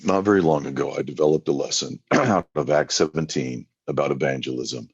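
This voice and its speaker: Speaking fairly quickly, the evangelist has an extremely low, slightly rough voice with no echo. His podcast interview storytelling is folksy, with acted-out quotes, and the recording has a dull lo-fi quality.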